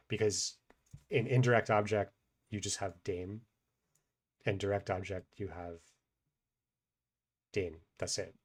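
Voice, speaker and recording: Male teacher, low voice, casual think-aloud grammar explainer. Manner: thinks aloud with many fillers and restarts. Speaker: language teacher.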